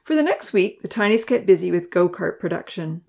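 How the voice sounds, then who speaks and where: Woman storybook narrator, low and gravelly, steady and expressive. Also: a little fast.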